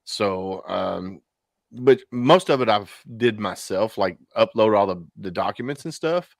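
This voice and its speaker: A man in his forties, a veteran guest talking casually in an interview, halting and repeating words with many fillers. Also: lowish voice, expressive, vocal fry, no echo. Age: 40s.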